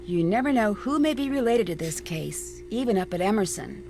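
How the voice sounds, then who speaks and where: An actress playing a calm, level-headed young woman detective in a mystery video game. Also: medium pitch, moderate pace, lightly acted. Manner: calm, matter-of-fact.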